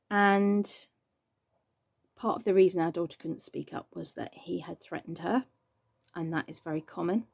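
An earnest woman tells her story as a mother in a mellow, warm tone. She speaks emphatically and reflectively, rising when she makes a point. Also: mid-range voice. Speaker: mother sharing her experience. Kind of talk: personal testimony.

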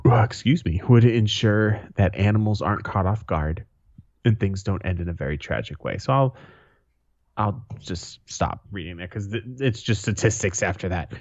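A man co-hosting a podcast in casual banter, profane and animated, telling stories with laughs. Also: on the low side, moderate pace, no room sound, dull audio. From Boston area. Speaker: podcast co-host.

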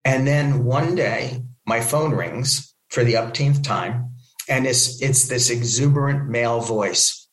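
Guy from new jersey spinning a story, acts out the voices, mid-pitched, roomy echo. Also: slow. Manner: lively storyteller who acts out other people's lines. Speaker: comic book film producer and guest. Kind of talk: animated anecdote telling. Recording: echoey room.

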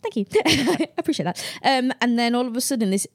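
A young woman, a guest on an interview show, telling anecdotes in a lively, chatty way and acting out the people she quotes with a raised voice and frequent laughs. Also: on the high side, a little fast, vocal fry. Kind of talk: casual interview chat.

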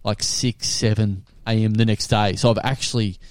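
A man's voice: fairly low pitch, fairly even intonation, moderate pace, smooth. A man co-hosting a podcast over a video call, telling self-mocking stories. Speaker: podcast co-host. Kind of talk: casual podcast banter. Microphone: remote video call.

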